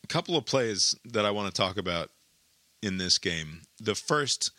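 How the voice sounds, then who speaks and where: Animated, swearing man breaking down a game. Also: on the low side, normal speed, no room sound. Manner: animated, profane storytelling with many fillers. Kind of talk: casual sports chat.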